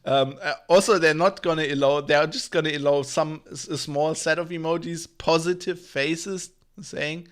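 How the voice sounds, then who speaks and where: A man's voice: a little high, a little slow, pauses often, clear, resonant tone. A man hosting a casual livestream tech news show, rambling with lots of fillers, laughing and swearing.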